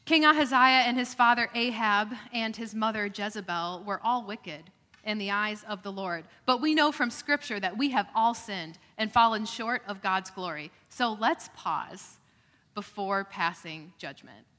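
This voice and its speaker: Woman preacher, bright crisp tone, hall reverb, measured with dry humor. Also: mid-range voice. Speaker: pastor. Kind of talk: scripture reading and sermon.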